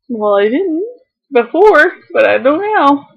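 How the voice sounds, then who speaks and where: A woman's voice: high voice, sing-song, slow, husky, rough recording. A young woman on a casual vlog, reading a heartfelt letter aloud to her viewers, tearful and fighting back tears, laughing now and then between lines.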